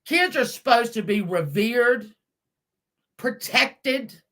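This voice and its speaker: A woman ranting angrily on a live stream from her car, scolding and swearing, with bursts of shouting. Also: on the high side, lively intonation, takes it slowly. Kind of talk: angry live-stream rant.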